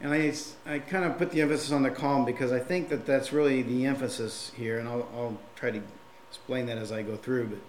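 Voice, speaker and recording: A man delivers a sermon in a relaxed, conversational way, often pausing on fillers and restarting his sentences. His voice sits at an ordinary middle pitch. It echoes around a church hall, with faint room noise underneath. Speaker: preacher.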